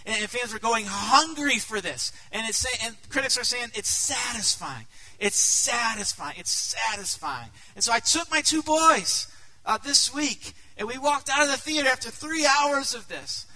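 A middle-aged man preaching a sermon as pastor, earnest, dropping to a hush and then rising to loud, emphatic peaks. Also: very high-pitched, moderate pace, few pauses, poor audio.

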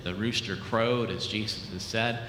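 A male pastor preaching a sermon, animated, dropping low and quiet for dramatic retellings. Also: normal speed, slight background noise. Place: church sanctuary. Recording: echoey hall with long reverb.

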